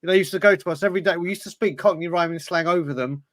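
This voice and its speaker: An English man co-hosting a comedy podcast, telling animated stories and cheekily teasing his friends. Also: sits high, fast talker, dry recording. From England. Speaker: podcast co-host. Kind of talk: comedic banter.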